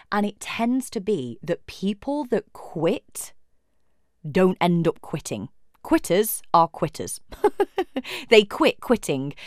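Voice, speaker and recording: Expressive woman coach, lively pitch. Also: no room sound, studio quality. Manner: expressive, acts out imagined voices. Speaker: mindset coach, podcast host. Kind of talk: solo podcast monologue.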